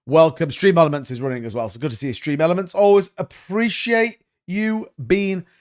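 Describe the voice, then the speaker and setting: A man's voice: on the high side, brisk. A man hosting a crypto livestream, chatting casually and greeting viewers by name.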